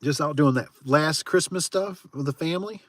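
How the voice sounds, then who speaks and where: A man's voice: a little high, moderate pace, a bit bright, no room sound. A man who runs a garage door repair business, chatting casually with viewers on a livestream, laughing often and tossing in frequent exclamations.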